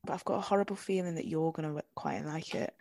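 A woman co-hosting a podcast in casual chat, teasing her co-host playfully and reacting quickly, often with gasps. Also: deep voice, steady tone, darkish tone, no echo.

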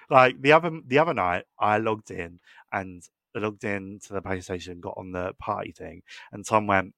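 A young man with a British accent chats loosely on a podcast, speaking in a lowish voice. He swears freely and pads his sentences with "um" and "like". The sound is close and dry, with no room echo. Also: moderate pace, creaky, fairly bright tone. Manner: loose and chatty, swears, many "um"s and "like"s. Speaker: podcast co-host. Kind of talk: casual chat.

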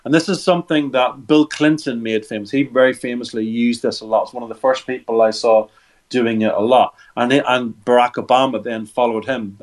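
A man's voice: medium pitch, fairly even intonation, a little fast. Middle-aged man explaining gestures step by step. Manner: instructive, walks listener through hand gestures step by step; repeats words when restarting sentences. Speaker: body language expert guest. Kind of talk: explanatory interview answers.

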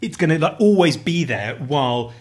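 A man's voice: on the high side, expressive, moderate pace. A middle-aged man with a posh southern English accent, telling rambling anecdotes in casual chat and mimicking other people's voices. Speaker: podcast co-host.

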